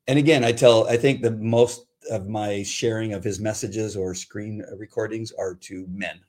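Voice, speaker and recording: A man with a fairly low voice co-hosts a faith talk show in a relaxed, conversational way. He often restarts his sentences and laughs easily between them. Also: moderate pace. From Southern California. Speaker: co-host of a Christian devotional show. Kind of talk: casual chat with his wife.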